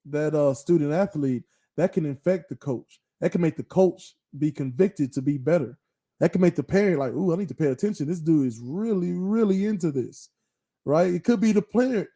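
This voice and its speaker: Warm in tone and fairly high in pitch, a middle-aged man co-hosts a podcast in casual conversation. He is earnest, restates his points, and tosses in "right?" again and again.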